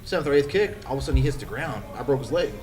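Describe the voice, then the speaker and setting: Fast-talking man, far from the mic. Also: mid-range voice. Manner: animated storyteller, quoting others. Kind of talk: casual storytelling chat. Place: restaurant venue, live podcast. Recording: distant mic with crowd noise.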